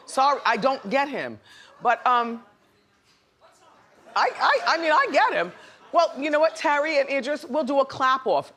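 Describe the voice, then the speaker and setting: A woman's voice: sits high, very animated, normal speed, pauses often, a bit bright. A woman hosting a talk show, chatting playfully and laughing often with her studio audience.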